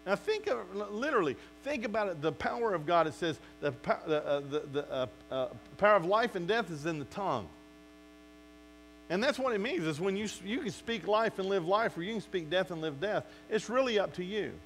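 A male pastor preaches animatedly, acting out quotes from his listeners and addressing them directly. His voice is high and brisk, with faint music behind it. The audio quality is poor.

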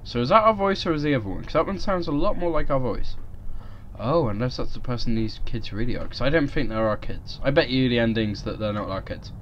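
A man's voice: mid-range voice, animated, fairly quick, a bit bright, highs cut off, a little hiss or hum. A man doing casual, jokey let's-play commentary with plenty of swearing. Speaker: gaming YouTuber.

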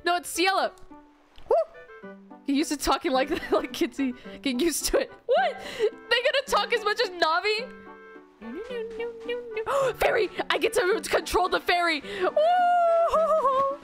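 A woman's voice: very high voice, expressive, fairly quick, few pauses, over music. A young woman giving live, playful commentary while playing a video game, giggling often and poking fun at herself. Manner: giggly, playful, self-mocking. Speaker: streamer.

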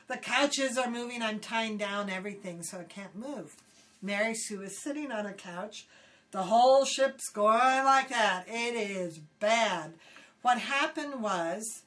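An older woman from Hawaii, casually telling animated stories in an interview and acting out quoted voices. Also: fairly high pitch. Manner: animated, acts out quotes loudly, laughs often. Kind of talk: casual storytelling. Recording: voice somewhat distant from the mic.

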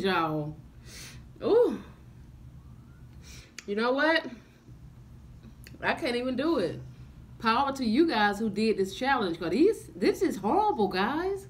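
Young woman, casual vlog, high voice, very slow drawl, faint room noise. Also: wildly swooping pitch. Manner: groaning and gagging, exaggerated disgust. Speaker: vlogger. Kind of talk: casual vlog chat to camera.

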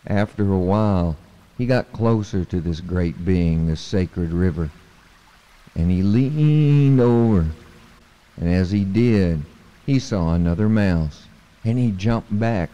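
A man narrates an animal tale slowly, in a deep and measured voice. His tone is mellow and reflective. A long hall reverb lingers behind him. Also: lo-fi sound. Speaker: storyteller. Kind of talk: storytelling narration.

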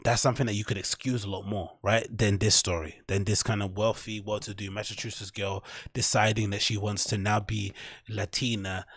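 Husky man, casual podcast talk. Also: on the low side, no echo, studio quality. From London. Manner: rambling, tags lines with "right?". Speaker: podcast host. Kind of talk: casual commentary.

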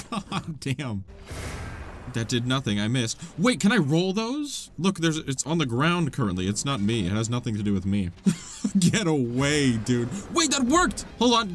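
Excitable, self-mocking young-sounding gamer guy. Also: on the high side. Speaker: gaming channel host. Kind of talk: let's play commentary.

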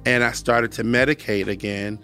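A man's voice: mid-range voice, level tone, normal speed, sharp tone, soft background music. Earnest man telling his testimony. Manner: earnest, repeats phrases for emphasis; preacherly, quotes scripture. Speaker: podcast guest. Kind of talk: personal testimony storytelling.

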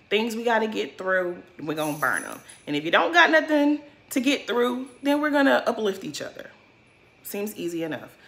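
Sassy woman recapping reality tv to her viewers, bright punchy voice, real blunt. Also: lowish voice. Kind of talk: casual recap commentary.

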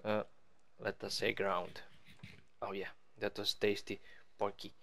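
A man's voice: on the low side, flat delivery, unhurried, sharp tone. A man giving casual, rambling let's-play commentary as he builds in a game, joking at his own expense. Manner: rambling, playful, self-mocking. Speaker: gaming channel host.

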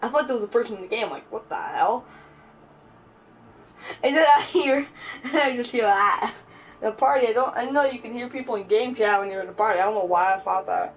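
A woman's voice: a little high, fairly quick, far from the mic, a little hiss or hum, rough recording. A young woman giving casual gameplay commentary, laughing often and swearing at her own plays. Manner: giggly, laughs often, swears while playing. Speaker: gaming channel host.

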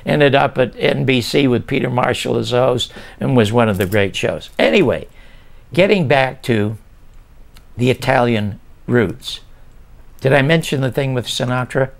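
A man's voice: medium pitch, unhurried, vocal fry. An older man in a casual interview, telling stories about his past and animatedly acting out old conversations. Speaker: interview guest recounting his TV career.

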